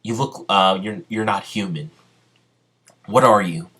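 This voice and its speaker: A man's voice: lowish voice, unhurried, pushed and bright, breathy edge, exaggerated voice. A man voicing an arrogant ancient ninja warlord who speaks bluntly and gives commands and threats, in a fan-made spoken story. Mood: threatening.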